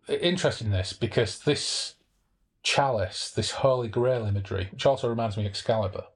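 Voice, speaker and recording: A man, hosting a podcast and summarizing a novel in relaxed, chatty talk, with passages read aloud. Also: lowish voice, fairly quick, husky. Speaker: podcast host.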